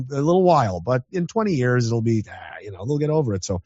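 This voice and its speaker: A man's voice: mid-range voice, lively intonation, fast talker, a little mellow, no echo, lo-fi sound. A man talking as a show guest, blunt and provocative, cracking jokes. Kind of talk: casual chat.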